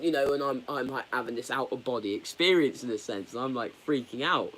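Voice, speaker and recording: A man chatting candidly on a live stream, rambling and halting. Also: medium pitch, bright, forceful tone. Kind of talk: casual live stream chat.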